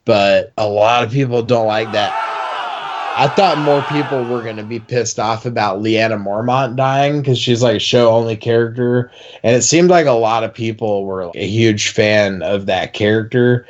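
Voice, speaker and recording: A man's voice: medium pitch, normal speed, lo-fi sound. A man co-hosting a casual chat, laid-back and profane, calling others dude and man. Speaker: podcast co-host.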